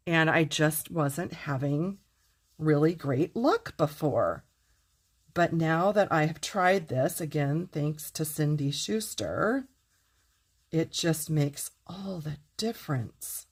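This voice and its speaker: Middle-aged woman, card-making teacher, casual demo, enthusiastic and gushing, low voice, slow pace. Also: lively intonation, slightly rough. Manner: gushing, enthusiastic, talks to viewers. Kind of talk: casual craft demonstration.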